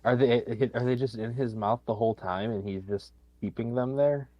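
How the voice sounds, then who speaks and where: A man's voice: mid-range voice, fairly even intonation, normal speed, no echo, dull audio. A man co-hosting a casual podcast, blunt and casual, with lots of "like" and "dude". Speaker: podcast co-host. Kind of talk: casual chat.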